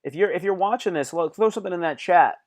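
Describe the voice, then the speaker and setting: A man talks straight to his live-stream viewers in a casual, motivational way. His voice sits slightly higher than most men's. He leans on slang, repeats phrases, and acts out angry outbursts as examples. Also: quick pace.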